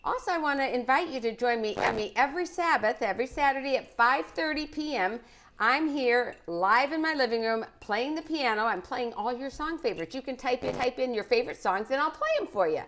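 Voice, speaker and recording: High-pitched, animated and brisk, this middle-aged woman's fairly bright voice comes with a little hiss or hum. She hosts a live cooking show from her living room, cheerfully chatting with kids and viewers.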